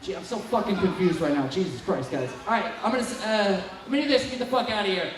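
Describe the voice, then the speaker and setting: A man in his twenties doing a profane, rambling stand-up set with loud bursts of yelling, working the crowd at a bar. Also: high-pitched, expressive, fast talker. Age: 20s. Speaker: stand-up comedian. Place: bar stage with a live crowd. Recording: far-off echoey bar recording with noise.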